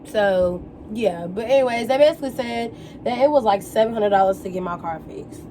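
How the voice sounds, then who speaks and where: A young woman telling a story in a casual, animated way, full of slang and quoted exclamations. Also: medium pitch, fairly quick, slight background noise. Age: young adult. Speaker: vlogger. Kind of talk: casual storytelling while getting ready.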